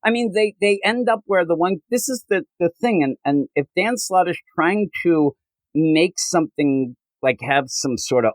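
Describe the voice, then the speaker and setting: Animated man retelling comic scenes. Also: on the high side, no echo. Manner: animated retelling with quick put-on character voices. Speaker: podcast co-host. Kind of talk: casual comic book podcast chat.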